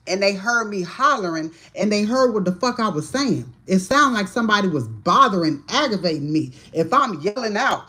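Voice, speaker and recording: A woman's voice: medium pitch, animated, normal speed, a bit bright. A woman, hosting a casual livestream and telling a heated, profane story straight to her viewers. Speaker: livestream host, tarot reader.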